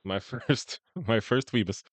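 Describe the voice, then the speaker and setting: A man's voice: on the low side, measured pace, no echo. A man co-hosting a podcast, chatting casually about fan casting and laughing often. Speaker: podcast co-host.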